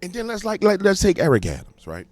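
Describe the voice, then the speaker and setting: A man's voice: high-pitched, huge pitch swings, quick pace, a little hiss or hum. A man hosting a political commentary show, ranting emphatically with rhetorical questions. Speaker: commentary host.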